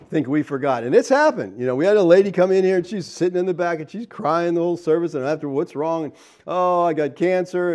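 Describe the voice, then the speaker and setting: Middle-aged pastor preaching conversationally. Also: male voice, warm tone. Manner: conversational, keeps asking "okay?" and "all right?"; acts out quoted people in a higher voice. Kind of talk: sermon.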